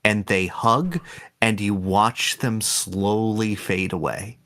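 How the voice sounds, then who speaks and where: A man co-hosting a podcast, slowly and dramatically retelling a game's ending in casual chat. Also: fairly low pitch, fairly even intonation, a bit bright. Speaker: podcast co-host.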